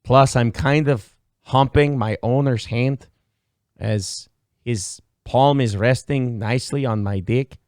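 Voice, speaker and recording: A man's voice: mid-range voice, slow pace, a little mellow, dry recording, clean studio sound, lightly acted. A man voicing his anxious male pet dog in a put-on Mexican accent, rambling awkwardly and crudely. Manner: shy, rambling, crude confessions.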